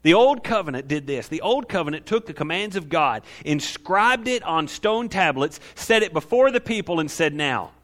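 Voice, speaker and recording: A pastor, preaching a lively sermon full of rhetorical questions and light humor. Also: male voice, a little high, moderate pace, few pauses.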